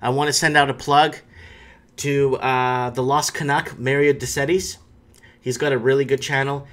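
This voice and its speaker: A man's voice: medium pitch, little pitch movement, moderate pace, a bit bright. A man hosting a live stream, talking casually and rambling, with frequent restarts and fillers.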